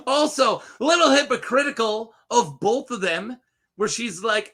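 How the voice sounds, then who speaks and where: A man's voice: extremely high pitch, slow, long pauses, pushed and bright, husky. A young man casually reviewing a TV episode on his own, rambling and jokey, laughing often at his own asides. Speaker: show reviewer. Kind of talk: casual solo review chat.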